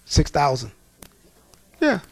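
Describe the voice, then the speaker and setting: Animated high-voiced male preacher. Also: breathy edge, dry recording. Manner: animated, folksy, laughing at his own stories; reads scripture slowly and deliberately. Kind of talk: sermon.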